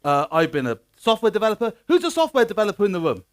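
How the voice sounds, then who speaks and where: A man's voice: high-pitched, huge pitch swings, rapid-fire, few pauses. A man in his forties with a Bristol West Country accent, giving a jokey, self-mocking conference talk on stage and drawing the audience into call-and-response. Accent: West Country English (Bristol). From Bristol, West Country of England. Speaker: conference speaker, agile coach.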